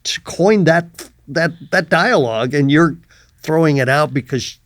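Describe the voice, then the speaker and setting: An older man talking as a guest in a casual podcast chat, thoughtful and halting, often trailing off quietly. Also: a little high, no room sound. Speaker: guest actor.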